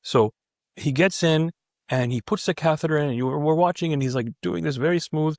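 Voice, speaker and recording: A middle-aged male physician, talking as an interview guest, telling his stories at a brisk pace. He is animated and often restarts his sentences. The sound is close and dry. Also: on the high side, creaky, no echo. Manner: animated, many restarts and fillers. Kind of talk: casual anecdotal storytelling.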